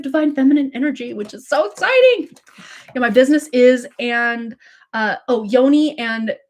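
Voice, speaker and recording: Woman, tarot reader hosting a live stream; slightly high voice, effusive, chatty, spiritual. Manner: effusive, breathless, spiritual, many likes and fillers. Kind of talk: live tarot reading, casual and gushing.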